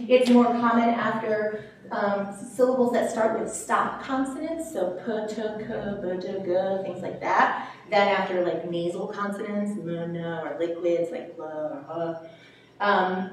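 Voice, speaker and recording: Woman, sociolinguist lecture, explanatory, frequent ums, heavy room echo, distant mic. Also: mid-range voice. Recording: very echoey room, distant mic, faint noise.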